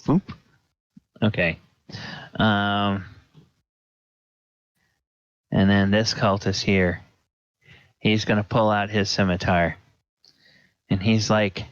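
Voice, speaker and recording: A man running a tabletop game as dungeon master, unhurried and hesitant, with many fillers. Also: on the low side, flat delivery, clean tone, dry recording. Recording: dull lo-fi audio.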